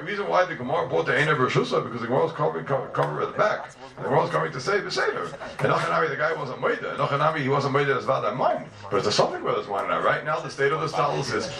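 A man's voice: medium pitch, creaky, pushed and bright, roomy sound, recorded from a distance. A man teaching a class on religious texts, emphatic and full of rhetorical questions.

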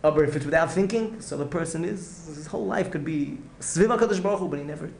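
Casting: male rabbi, gravelly and rapid, earnest lecture style, echoey room. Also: a little high, a little mellow, slight background noise. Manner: earnest, repetitive, restarts phrases, mixes in Hebrew and Yiddish words. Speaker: rabbi giving a Torah class. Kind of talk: heartfelt Torah lecture. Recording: echoey room with faint ambience.

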